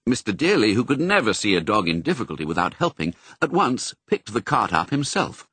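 Husky, lively male storybook narrator. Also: fairly low pitch, brisk, dry recording. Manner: expressive, storytelling. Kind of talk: audiobook reading.

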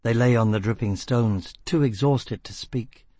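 Husky male audiobook narrator. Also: medium pitch, unhurried, dry recording. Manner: steady, dramatic storytelling. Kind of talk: scripted narration.

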